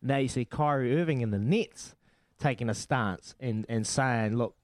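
A man's voice: mid-range voice, moderate pace, dry recording. A man with a New Zealand accent co-hosting breakfast radio in casual, upbeat chat. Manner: chatty, upbeat, friendly. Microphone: studio mic.

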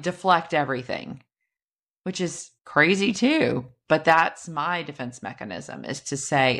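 Woman, low pitch, candid, self-deprecating, reflective monologue. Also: a bit bright.

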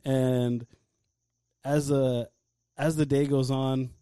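A man's voice: medium pitch, little pitch movement, slow, mellow, clear, resonant tone, dry recording, studio quality. A man hosting a podcast, chatting casually and telling an anecdote, swearing often. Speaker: podcast host. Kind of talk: casual chat.

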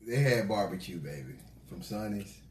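Man, co-host, relaxed joking tone, lively pitch, roomy slightly noisy recording. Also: normal speed. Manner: laid-back, joking, laughs often. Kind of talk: casual chat.

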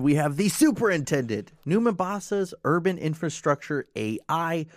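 A man's voice: medium pitch, no echo, studio quality. A man co-hosting a casual podcast, reading facts from his notes with offhand asides. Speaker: podcast co-host.

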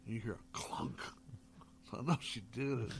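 A man, a paranormal investigator guest, telling drawn-out, folksy anecdotes in casual chat with many pauses and hesitations. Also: mid-range voice, vocal fry. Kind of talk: casual storytelling.

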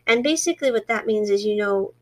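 A woman's voice: mid-range voice, quick pace. Chatty woman recapping a drama. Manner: chatty, animated storytelling, quiet quoted dialogue. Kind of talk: casual retelling of a drama plot.

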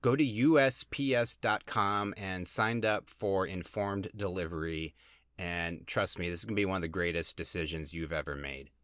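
A man's voice: sits low, normal speed, a bit bright, clear, resonant tone, dry recording, studio quality. A man co-hosting a casual podcast chat, playful and fond of building up to a reveal. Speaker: podcast co-host.

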